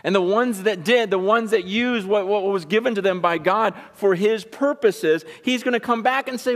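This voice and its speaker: A man preaching a sermon, emphatic, dropping from loud bursts to hushed, intense asides. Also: sits high, moderate pace, few pauses, long reverb tail.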